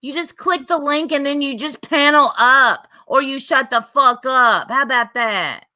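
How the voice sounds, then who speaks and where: Sassy woman co-host, sharp bright tone, fairly high voice. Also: a little slow. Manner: sassy, mocking, teasing. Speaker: livestream co-host. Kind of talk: casual livestream chat.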